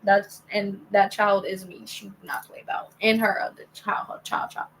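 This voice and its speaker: A woman's voice: mid-range voice, flat delivery, normal speed, fairly bright tone, slight background noise, rough recording. A young woman telling a rambling, casual story to her viewers, reading out old text messages with many restarts. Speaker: vlogger.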